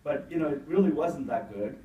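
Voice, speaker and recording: A man's voice: fairly high pitch, expressive, brisk, dark tone, muffled recording. A middle-aged man giving a keynote, telling a long anecdote with many "you know" fillers. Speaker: keynote speaker. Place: event hall. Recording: echoey hall from far off, faint noise.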